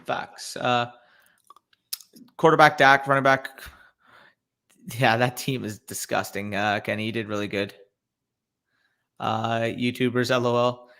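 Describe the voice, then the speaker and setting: A young man with a bright, forward voice runs a casual live stream. He reads chat questions aloud and fires back loose, quick reactions. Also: mid-range voice, steady tone, creaky. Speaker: fantasy football podcast host.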